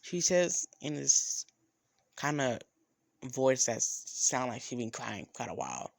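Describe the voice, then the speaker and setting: A man improvising a fan story as narrator, rambling and halting with casual swearing. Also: mid-range voice, big pitch swings, gravelly, no room sound.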